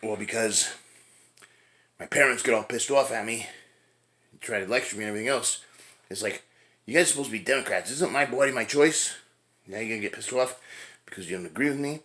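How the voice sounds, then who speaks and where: A middle-aged fitness vlogger vents to the camera in a mid-range, sharp-toned voice, talking a little fast with long pauses. His rambling, casual rant is full of swearing, and he keeps adding "right?" to the ends of sentences.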